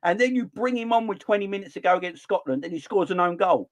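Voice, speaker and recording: A man in middle age delivers an opinionated football rant. His voice sits a little high and swings widely in pitch as he gets worked up. He sounds exasperated and animated. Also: quick pace. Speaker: football channel host.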